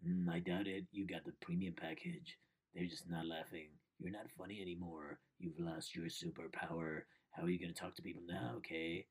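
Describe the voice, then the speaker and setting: A man voicing his own gloomy, doubting inner voice, low and muttering. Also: level tone, fairly quick, breathy edge. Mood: glum doubting.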